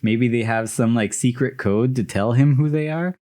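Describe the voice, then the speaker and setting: A man co-hosting a film podcast, chatting in a loose, everyday way. His voice sits at a middling pitch, and his talk is full of filler words and quick laughs. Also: warm tone. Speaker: podcast co-host. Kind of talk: casual chat.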